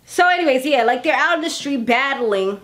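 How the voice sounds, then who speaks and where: Woman, 30s, casual TV recap, animated, a bit high-pitched. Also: moderate pace. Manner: chatty and animated, acting out characters' lines. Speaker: TV recap vlogger. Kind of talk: casual chat.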